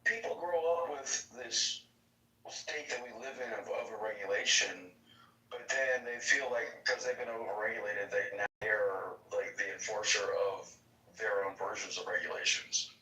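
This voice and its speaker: A man's voice: lowish voice, normal speed, pushed and bright. A man chatting as a podcast guest in a laid-back, profane way. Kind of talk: casual chat. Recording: echoey room, distant mic.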